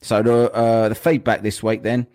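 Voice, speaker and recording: A man's voice: on the low side, level tone, moderate pace, darkish tone. A man hosting a podcast in a casual, jokey chat, rambling with plenty of fillers. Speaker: podcast host.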